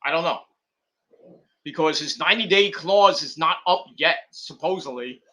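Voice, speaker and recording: A young man hosting a wrestling stream, rambling in casual commentary and acting out scenes with quick put-on voices. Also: fairly high pitch, pushed and bright.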